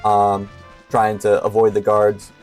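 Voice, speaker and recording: A man's voice: on the low side, completely flat delivery, slow, soft background music. A young man giving casual commentary while playing a video game, hesitant and full of filler words. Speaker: streamer.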